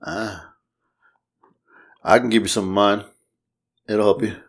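A man's voice: lowish voice, fairly even intonation, measured pace, gravelly. A man in his fifties on a podcast, telling casual family stories and acting out the voices with a laugh. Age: 50s. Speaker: podcast host. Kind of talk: casual storytelling chat.

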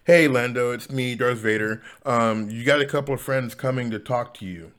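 A man's voice: mid-range voice, moderate pace, fairly bright tone, close to an everyday voice. A man paraphrasing a menacing male space villain in a laid-back, rambling way, close to his own voice. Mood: offhand.

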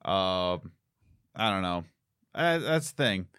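A man's voice: sits low, expressive, slow pace, a bit bright, smooth, dry recording, clean studio sound. A man co-hosting a podcast in casual chat, joking and teasing. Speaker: podcast co-host.

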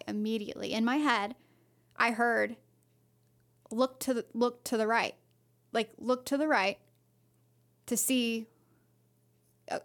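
A woman's voice: fairly high pitch, fairly bright tone. A woman casually telling a personal story on a podcast, rambling with lots of fillers and restarts. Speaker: podcast co-host.

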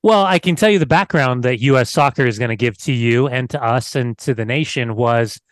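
A man's voice: medium pitch, a little fast, dry recording. A man co-hosting a podcast in casual chat, laid-back, often stumbling over his words. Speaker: podcast co-host.

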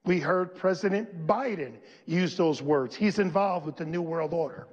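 A high, husky male pastor preaches at a slow, deliberate pace, calling on the congregation to repeat lines after him and climbing to shouted peaks. His voice rings with a long church reverb. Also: dull audio. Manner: emphatic call-and-response preaching, leading the congregation in repeating lines; slows and stresses key phrases, rising to shouts. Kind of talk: sermon.

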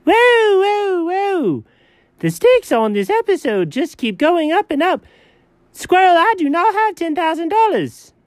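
Jenkins, a man playing an excitable baffled guy. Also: extremely high pitch, normal speed, few pauses, no echo, studio quality, voice pushed up, heavily acted. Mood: alarmed. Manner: exclaims, calls people dog.

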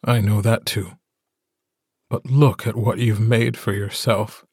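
A man voicing a gentle, steady male alpha werewolf, speaking in a soft, slow, soothing way. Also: on the low side, husky, no room sound, studio quality, heavily acted. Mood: somber.

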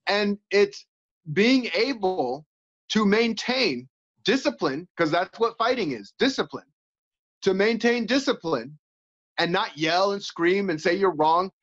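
A man's voice: high voice, expressive, a little slow, a bit bright. A man who fights and coaches, talking candidly as an interview guest and acting out quoted voices with laughs. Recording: slightly dull, lo-fi sound.

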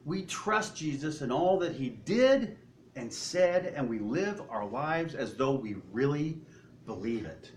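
A man's voice: on the high side, lively intonation, takes it slowly, slight background noise. A man preaching a sermon to his congregation in a church, in a conversational way, asking rhetorical questions. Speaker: pastor.

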